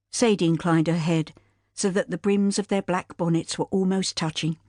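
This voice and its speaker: A woman's voice: fairly low pitch, fairly even intonation, moderate pace, a little mellow, no room sound, clean studio sound. Woman narrating a period saga. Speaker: audiobook narrator. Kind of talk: scripted narration.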